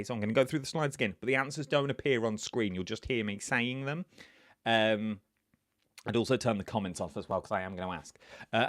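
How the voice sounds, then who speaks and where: Male quiz host, lively pitch, rambling asides, dry close mic. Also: no echo. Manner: chatty and rambling, with many fillers and asides to viewers. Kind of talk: live-stream quiz hosting.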